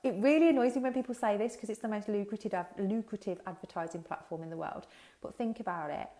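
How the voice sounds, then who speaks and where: A woman's voice: medium pitch, quick pace, dark tone. Chatty sweary woman hosting a livestream. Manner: chatty, swears freely, talks to viewers directly. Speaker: business coach hosting a livestream. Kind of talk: casual livestream chat. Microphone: headphones with mic.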